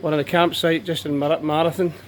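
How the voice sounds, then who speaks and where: A man leading a group trip, talking casually to camera at an outdoor campsite, halting with fillers and restarts. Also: on the high side, flat delivery. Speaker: expedition leader of a veterans' charity trip. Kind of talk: casual vlog narration to camera.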